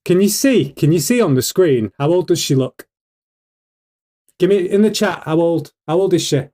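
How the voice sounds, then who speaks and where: A British man hosting a casual livestream, talking fast and hyped and firing questions at his chat. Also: on the high side, expressive, mellow. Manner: hyped, rhetorical, keeps asking the chat questions. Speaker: livestream host.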